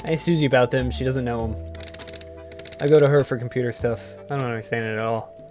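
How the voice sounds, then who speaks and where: A man's voice: medium pitch, fairly even intonation, quick pace, a little mellow, faint music behind, lightly acted. A man voicing a dry ghost detective. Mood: wry. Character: wisecracking ghost private detective man, hard-boiled.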